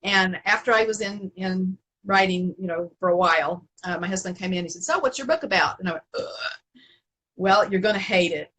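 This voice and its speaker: A middle-aged woman telling stories as an interview guest, animated and laughing often, with many restarts. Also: medium pitch, a little fast, a little hiss or hum, low-quality recording. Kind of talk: casual storytelling in an interview.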